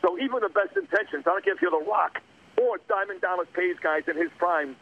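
A middle-aged man calling into a talk radio show by phone from a windy street, ranting in a rapid, heated, rambling way. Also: high-pitched, animated. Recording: muffled phone line.

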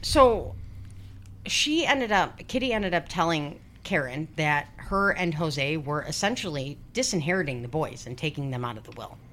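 A woman's voice: sits low, expressive, moderate pace, a bit bright, a little hiss or hum. A woman in her forties telling a true-crime story on a casual podcast, blunt and sweary with sarcastic asides. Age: 40s. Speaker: podcast host.

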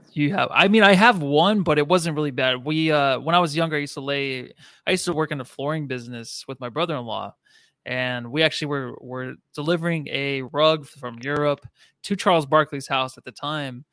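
A man co-hosting a casual sports podcast, telling low-key stories in an easygoing way. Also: normal speed, sharp tone, no echo, clean studio sound. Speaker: podcast co-host. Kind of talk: casual chat.

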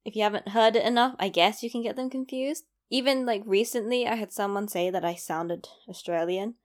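A young British woman talks casually to her viewers in a chatty, reflective way. Her pitch sits in an ordinary middle range for a woman. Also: brisk. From Britain. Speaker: vlogger. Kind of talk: casual chat to camera.

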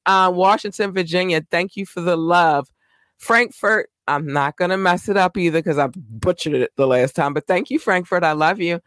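A man's voice: high-pitched, brisk, hardly any pauses, no echo, clean studio sound. Chatty man with a Baltimore accent. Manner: chatty, rambling, effusive shout-outs. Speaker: podcast host. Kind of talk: casual solo podcast chat.

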